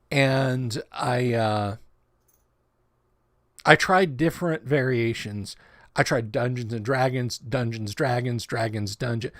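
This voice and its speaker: A man's voice: mid-range voice, dry recording, studio quality. A man hosting a livestream, chatting casually in a rambling way and often stumbling over and repeating words. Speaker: livestream host of a tabletop game channel.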